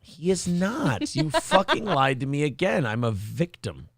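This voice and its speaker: A man's voice: on the high side, wildly swooping pitch, measured pace, no echo, studio quality. A tipsy man hosting a livestream, reading out donations with crude, profane jokes. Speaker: livestream host. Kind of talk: casual chat reading donations.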